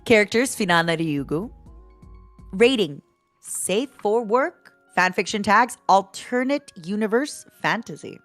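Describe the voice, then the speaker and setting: A woman guest streamer chatting and reading fan fiction entries, effusive and quick to laugh, with many encouraging hums. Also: medium pitch, expressive, no echo, faint music behind. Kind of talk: casual stream chat.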